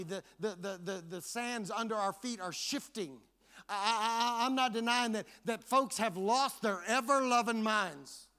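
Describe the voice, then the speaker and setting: High, bright-voiced preacher man. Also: clean tone. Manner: preaching with rising fervor and repetition. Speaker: pastor. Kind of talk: sermon.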